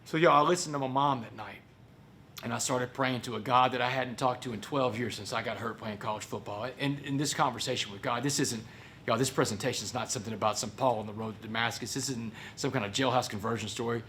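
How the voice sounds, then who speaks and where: A man's voice: mid-range voice, fairly even intonation, fast, a bit bright, slight background noise. A man, a motivational speaker dramatically telling his own story to an audience and acting out other people's voices. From Port Arthur, Texas. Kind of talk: personal story told to an audience.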